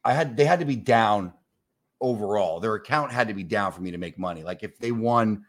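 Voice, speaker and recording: A man's voice: fairly low pitch, a little fast. A man in his forties, a comedian from New York, telling a story in casual chat. He acts out the voices of the people in it and swears freely. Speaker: comedian guest.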